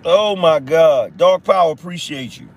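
A man hosting a live-stream political podcast, talking in a mocking, repetitive way, and now and then breaking into shouts and slang aimed at his chat. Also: on the high side, unhurried. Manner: slangy, addresses chat as y'all and brother. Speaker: podcast host.

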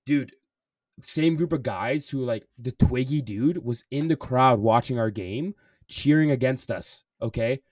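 A man's voice: mid-range voice, a little slow, darkish tone, no room sound, studio quality, recorded from a distance. A young man co-hosting a podcast, telling a story in casual chat, swearing often and filling with "like" and "bro". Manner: swears a lot, says "bro" and "like" constantly. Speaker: podcast co-host.

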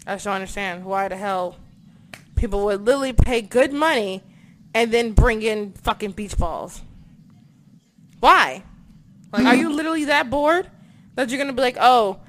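A woman's voice: fairly high pitch, moderate pace, long pauses, fairly bright tone, a little hiss or hum. A young woman co-hosting a casual wrestling chat, ranting animatedly and swearing often. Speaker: wrestling podcast co-host.

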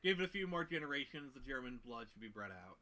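A man's voice: medium pitch, big pitch swings, fast, sharp tone. A man, a guest on a casual podcast, talking hesitantly with many restarts and jokes. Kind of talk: casual chat.

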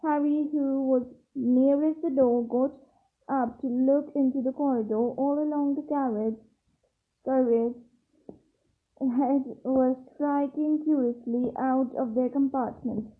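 A woman reading a novel aloud at a steady pace, with small slips and self-corrections. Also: high voice, slow. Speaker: reader. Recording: tinny phone-like sound.

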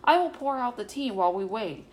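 A woman's voice: on the high side, expressive, a little fast, lightly acted, rough recording. A woman voicing a prim, proper female cat hostess in a children's story, in a polite and disapproving way.

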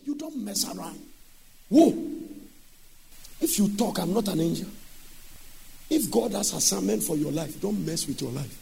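Animated preacher with a gravelly voice. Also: male voice, high-pitched, unhurried, pauses often, a little hiss or hum. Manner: animated, switching between speech and sung shouting. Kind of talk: sermon.

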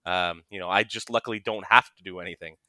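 A man co-hosting a casual podcast, rambling in a relaxed way and trailing off into low mutters. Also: fast talker, clean tone, dry recording, clean studio sound. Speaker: podcast co-host. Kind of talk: casual chat about a fantasy baseball league.

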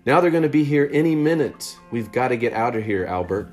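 A man voicing a frightened, hesitant teenage girl on the run, raised in pitch. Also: animated, a little fast, darkish tone, faint music behind, natural voice. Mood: anxious. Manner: timid and hesitant, stammers.

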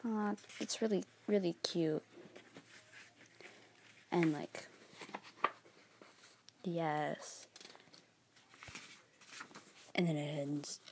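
This young vlogger speaks extremely slowly in a low voice, pausing often, over background noise and guitar music. She's casually rambling through a manga review, full of fillers and giggles.

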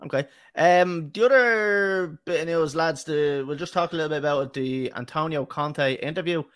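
A man's voice: a little high, normal speed, a bit bright, clean tone, no echo, studio quality. A young man hosting a casual chat, teasing and laughing with plenty of fillers. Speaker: podcast host.

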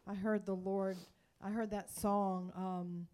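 Soft-spoken woman sharing a prophetic word. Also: mid-range voice, little pitch movement, slow. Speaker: prophetic minister.

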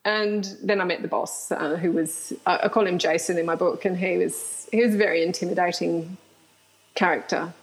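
A woman's voice: on the low side, normal speed, slightly rough, rough recording. Frank woman, laughing storyteller. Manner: frank, laughs often, animated retelling. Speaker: guest, author. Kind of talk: candid storytelling interview.

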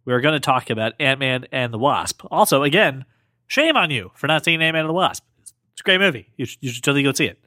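A man's voice: mid-range voice, expressive, fast talker, sharp tone, dry recording, clean studio sound. A man hosting a podcast, chatting playfully and rambling, often restarting his sentences. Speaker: podcast host. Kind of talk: casual chat.

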